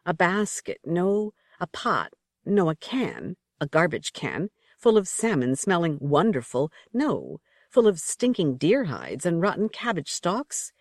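A woman's voice: lowish voice, very animated, unhurried, no echo, studio quality. A woman narrating an audiobook story with vivid, rhythmic storytelling. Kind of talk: expressive scripted narration.

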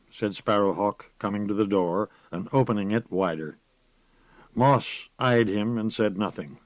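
A man reading a novel aloud as narrator, in measured, even storytelling. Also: fairly low pitch, no echo. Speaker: audiobook narrator. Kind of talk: scripted narration. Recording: slightly muffled recording.

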